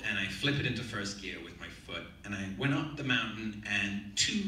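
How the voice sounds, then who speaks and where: Guy telling a story, lively up-and-down voice, far off in an echoey room. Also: on the low side, moderate pace, slight background noise. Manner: animated, playful storyteller. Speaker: guest actor. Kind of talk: storytelling on stage. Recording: echoey hall, mic from far off.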